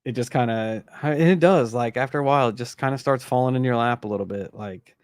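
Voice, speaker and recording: A man's voice: mid-range voice, quick pace, clear, resonant tone, no room sound, clean studio sound. A man, a podcast host, chatting casually with slang and frequent laughter, retelling a coworker's eerie story. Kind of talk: casual chat.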